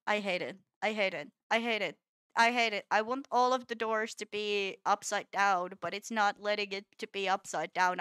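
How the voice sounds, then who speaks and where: A woman's voice: mid-range voice, a bit bright, clean tone, dry recording, studio quality. A woman streaming a building game, chatting casually, scolding the game in playful frustration and laughing often. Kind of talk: casual gameplay chat.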